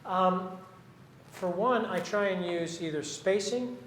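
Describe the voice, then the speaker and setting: A man, a poet, answering audience questions after a reading in a chatty, halting way, often restarting his sentences. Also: high-pitched, fairly bright tone, roomy sound, a little hiss or hum, rough recording. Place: lecture room with an audience.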